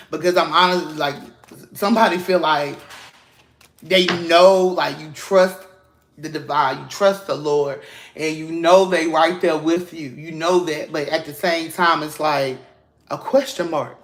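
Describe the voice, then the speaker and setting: Unhurried, with a fairly bright voice on the high side, a man delivers a casual spiritual tarot reading to viewers. He's emphatic, preachy, and encouraging, using cursing slang and addressing them as "baby" and "y'all."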